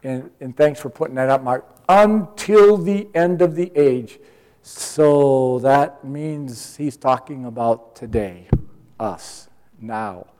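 A man's voice: mid-range voice, takes it slowly, darkish tone. A man preaching a sermon as a pastor, explaining scripture patiently and with earnest emphasis. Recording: long hall reverb.

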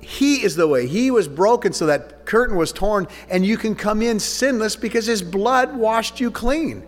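A man preaching a conversational communion sermon, telling the story with animated asides. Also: high-pitched, normal speed. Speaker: pastor. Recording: reverberant hall with faint music.

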